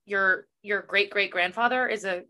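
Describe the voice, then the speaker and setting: A young woman with a bright, clear tone chats casually as a book podcast co-host. She retells the story loosely, sprinkling in "like" and "you know" as she goes. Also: medium pitch, steady tone, normal speed. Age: young adult. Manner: chatty, retells plot with many "like"s and "you know"s.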